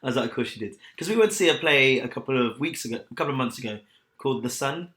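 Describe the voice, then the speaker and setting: A young man co-hosting a casual podcast chat, blunt and scathing and quick to laugh. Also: medium pitch, a bit bright. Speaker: podcast co-host. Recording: echoey room.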